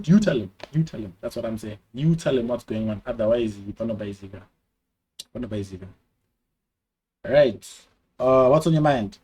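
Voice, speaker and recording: A young man, a streamer chatting casually and giving advice to his viewers in a slangy, animated way, his voice jumping up and down in pitch and loudness. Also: husky. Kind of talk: casual livestream advice chat.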